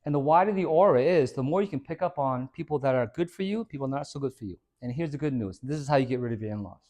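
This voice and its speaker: A man's voice: mid-range voice, quick pace. A middle-aged man, a fitness coach, giving a motivational talk to a small group in a salon, telling stories and acting out both sides of conversations with jokes. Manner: animated storyteller acting out dialogue, jokey. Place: hair salon, indoors.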